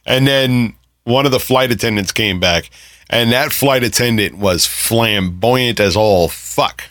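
A man's voice: mid-range voice, unhurried, fairly bright tone, no room sound, studio quality. A man co-hosting a casual podcast chat, rambling through anecdotes and acting out other people's lines. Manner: rambling storyteller, acts out voices in anecdotes. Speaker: podcast co-host.

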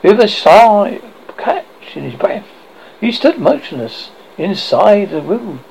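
A man reading a horror story aloud as host, with a dramatic, expressive delivery. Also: high-pitched, slow pace, gravelly, slight background noise. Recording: dull lo-fi recording.

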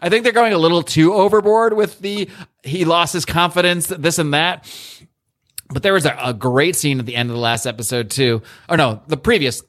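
A man's voice: on the high side, moderate pace, fairly bright tone. Rambling, opinionated man chatting on a podcast. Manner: rambling and opinionated, swears freely, many restarts. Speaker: podcast co-host. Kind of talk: casual chat reviewing a TV show.

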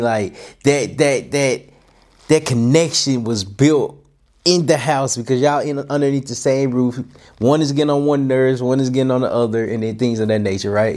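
A man telling a childhood story in a casual, animated way, often restarting and repeating himself. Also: medium pitch. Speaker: host. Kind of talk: personal storytelling talk.

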